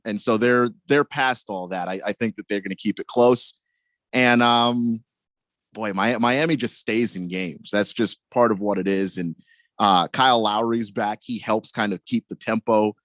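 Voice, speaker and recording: Man, sports radio co-host, low voice, easygoing, folksy, some stammering, dry studio mic. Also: steady tone, normal speed, fairly bright tone, no room sound. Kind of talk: casual sports talk. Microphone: studio microphone.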